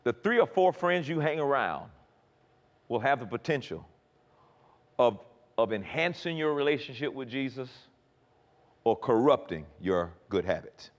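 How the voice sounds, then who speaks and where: A man preaching a sermon, lively and emphatic, often repeating words and acting out quoted conversations. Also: fairly high pitch. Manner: animated, repeats words, acts out quoted dialogue. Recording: long reverb in a large hall.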